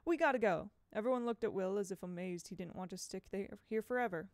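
Woman audiobook reader, measured and expressive, smooth, dry close mic. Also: mid-range voice, dry recording. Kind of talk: audiobook reading of a novel.

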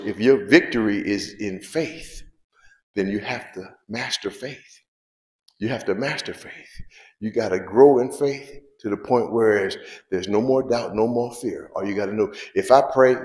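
A man's voice: lowish voice, normal speed, darkish tone, reverberant. A male pastor preaching a sermon, repeating key phrases and asking the congregation questions. He talks in an informal, conversational way. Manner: preaching with call-and-response questions and repetition; informal spoken grammar, drops verbs.

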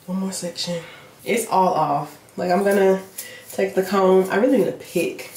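A woman's voice: medium pitch, measured pace, darkish tone, reverberant, slight background noise. A young woman, chatting casually and playfully in a self-filmed vlog, swearing freely. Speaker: vlogger.

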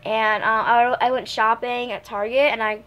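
A teenage girl telling stories to her viewers in a loose, rambling way. She fills gaps with fillers and keeps correcting herself. Her voice sits a little high for her age. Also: fairly even intonation, moderate pace, a bit bright. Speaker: vlogger. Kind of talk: casual storytime chat.

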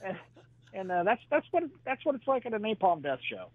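Male stand-up guest on a phone interview, slightly high voice, halting delivery, dry thin line. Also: very animated, no echo, narrow, tinny audio. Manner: halting, filler-heavy delivery with chuckles between jokes. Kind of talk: telling a stand-up bit in an interview.

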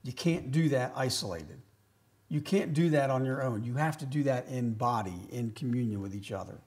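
A man preaching a sermon as pastor, slowing down to stress key phrases and shifting from loud emphatic lines to quiet asides. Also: mid-range voice, expressive. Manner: slows right down on key phrases.

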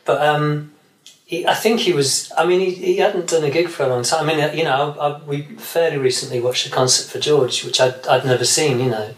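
A man's voice: on the high side, steady tone, fairly quick. Rambling man in an echoey room. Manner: rambling, many restarts and fillers. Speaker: session guitarist guest. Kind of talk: casual interview chat.

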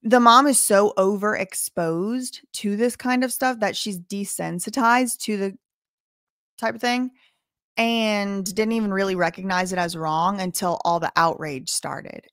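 A woman's voice: medium pitch, a little slow, a bit bright, no echo, studio quality. A woman commenting skeptically on a live stream, weighing claims and mocking what she doubts.

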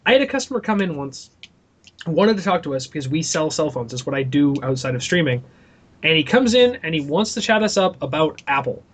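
A young man with a notably high voice rants through a casual podcast chat. He talks animatedly and swears freely. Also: brisk. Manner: animated ranting with profanity. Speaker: podcast co-host.

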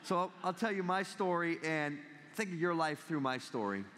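A man's voice: a little high, moderate pace, fairly bright tone, slight background noise. A man in his thirties giving a campus talk as a guest speaker, telling a story with jokes and acting out the quoted lines. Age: 30s. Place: large hall. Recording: long hall reverb.

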